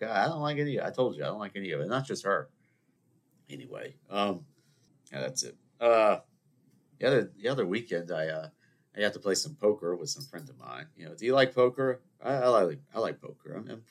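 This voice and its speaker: Podcast guy, lowish voice but all over the place pitch-wise, rambly and jokey, lots of ums and restarts. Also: animated, brisk, vocal fry. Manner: bursts into high exclaimed imitations. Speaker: podcast host. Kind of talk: casual monologue.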